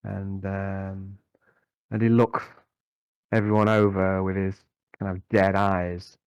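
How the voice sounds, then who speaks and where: A man running a tabletop game as game master, narrating with many pauses. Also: deep voice, flat delivery, smooth, dry recording, dull audio. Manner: rambling, thinks aloud.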